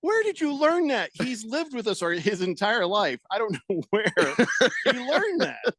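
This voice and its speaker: A man hosting a radio talk show, out of breath, telling a story in a lively way and laughing often, in a studio. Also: high-pitched, a little slow, slight background noise. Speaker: radio sports talk host. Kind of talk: casual radio chat. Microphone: studio microphone.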